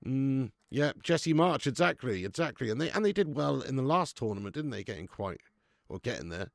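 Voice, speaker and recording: A man's voice: mid-range voice, expressive, a little fast, vocal fry, dry recording. A man hosting a live football watch-along stream, chatting laddishly with viewers and laughing often. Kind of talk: live stream chat and match commentary.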